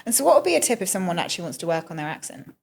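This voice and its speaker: A woman with a slightly low voice hosts a relaxed podcast interview. She talks reflectively and works out her thoughts as she speaks. She fills the pauses with short "mm" and "yeah" responses. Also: gravelly, slightly rough. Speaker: podcast host.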